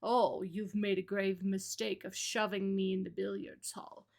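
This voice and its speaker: A woman voicing a posh, pompous male gentleman with a put-on British accent and a menacing streak. He speaks in an affected drawl. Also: medium pitch, flat delivery, a little slow, vocal fry. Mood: smug menace.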